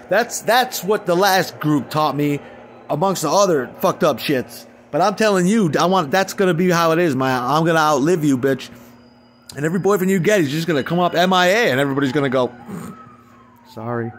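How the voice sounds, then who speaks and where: A man vlogging an angry, profane rant, swinging between low muttering and loud outbursts. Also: slight background noise.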